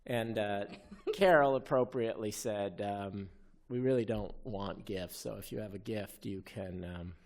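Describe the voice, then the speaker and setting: A man's voice: lowish voice, a little slow, a little mellow. A man making hesitant, informal remarks at a tribute panel. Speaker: speaker at a tribute event. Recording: clear background noise.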